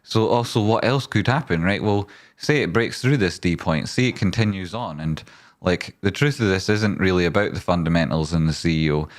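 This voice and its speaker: A man's voice: low-pitched, moderate pace. A man hosting a casual stock market livestream, rambling as he talks straight to his viewers.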